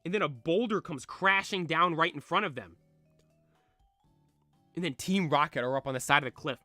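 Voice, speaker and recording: A man's voice: on the high side, moderate pace, bright, forceful tone, no echo, faint music behind. A man casually reading a comic aloud, chatty and loose, adding his own commentary as he goes. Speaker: comic reader. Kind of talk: casual comic read-along.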